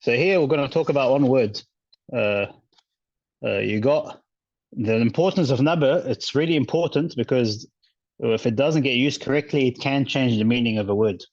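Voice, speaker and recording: A male teacher explaining recitation rules in a casual online class, relaxed and chatty with many fillers and restarts. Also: mid-range voice, moderate pace, no echo, highs cut off.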